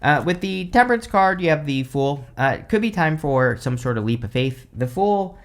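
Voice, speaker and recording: A man's voice: a little high, expressive, normal speed. A man giving a casual tarot reading to camera, rambling with many fillers and restarts, tired and stifling yawns. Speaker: tarot reader.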